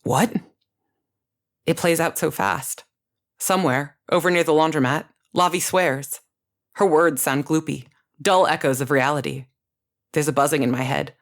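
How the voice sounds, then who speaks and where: Low-voiced woman narrating a story. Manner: first-person, measured storytelling.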